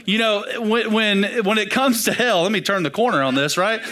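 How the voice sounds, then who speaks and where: A young pastor tells his own story in a church, animated and quick to poke fun at himself. His voice sits high and sounds bright and lively. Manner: animated, self-deprecating storytelling. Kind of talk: storytelling sermon. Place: church sanctuary.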